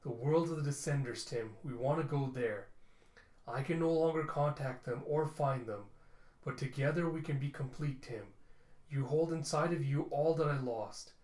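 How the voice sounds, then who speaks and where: Man voicing an ancient machine, hushed low grave voice, echoey room. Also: normal speed, natural voice. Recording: roomy echo.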